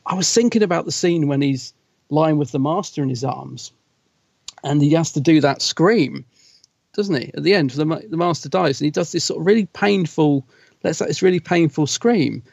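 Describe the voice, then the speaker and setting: Male podcast co-host from Britain, rambling and chatty, slightly high, lo-fi sound. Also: gravelly, a little mellow, no echo. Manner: chatty, rambling, quick to laugh. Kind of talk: casual chat. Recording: dull, lo-fi sound.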